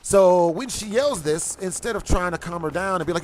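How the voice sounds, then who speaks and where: Slangy high-voiced man telling stories. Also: lively intonation, fairly quick, a little hiss or hum. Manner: slangy, profane, laughs and coughs often. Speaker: gaming streamer. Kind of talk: casual storytelling livestream.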